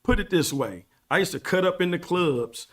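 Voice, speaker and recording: A man's voice: high voice, animated, moderate pace, fairly bright tone. A man as a podcast guest, telling his story in an earnest, preachy way and repeating phrases for emphasis. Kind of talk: casual storytelling interview.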